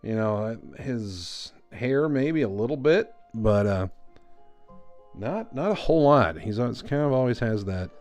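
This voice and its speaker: A man streaming a live drawing session, talking through his work in a relaxed, rambling way with lots of fillers. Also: mid-range voice, a little slow, soft background music. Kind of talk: casual commentary while drawing.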